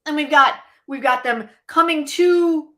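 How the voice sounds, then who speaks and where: A woman's voice: high-pitched, unhurried. A woman co-hosting a live chat stream, talking casually and animatedly to viewers and co-hosts. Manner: chatty, animated, talks to viewers directly. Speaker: podcast co-host.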